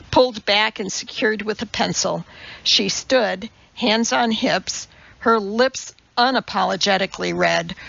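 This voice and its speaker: A woman narrates a story in a slow, deliberate reading voice with a gravelly, fry-tinged texture. The recording sounds slightly dull and muffled. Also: medium pitch, fairly bright tone. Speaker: audiobook narrator. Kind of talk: scripted narration.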